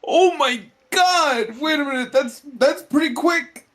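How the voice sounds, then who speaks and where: A player at a live tabletop game, chatting excitably and giggling. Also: sits high, a little slow. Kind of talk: casual chat at a game table.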